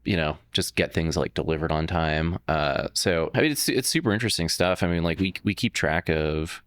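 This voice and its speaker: A man's voice: deep voice, moderate pace, a bit bright, dry recording, studio quality. A man, a startup founder, talking as a guest in a casual interview, rambling with many fillers and restarts.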